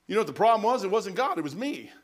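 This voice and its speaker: A man's voice: high-pitched, very animated, very fast. A middle-aged man preaching a sermon in a folksy, emphatic storytelling manner.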